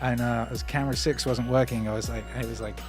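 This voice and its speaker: A man's voice: medium pitch, steady tone, fast talker, echoey room, long reverb tail. A man hosting a casual livestream, rambling loosely and jokily and reading viewer comments aloud, into a microphone on a stand in his home studio. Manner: loose, rambling and jokey, with playful asides. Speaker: livestream host and musician. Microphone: microphone on a stand in front of him. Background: music playing.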